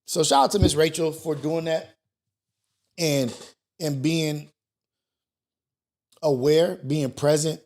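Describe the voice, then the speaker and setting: Man, morning show host, casual and profane, restarts a lot, fairly high voice. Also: fairly even intonation, slow pace, long pauses, a little mellow. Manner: loose, profane, thinks aloud with restarts. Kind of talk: casual talk show commentary.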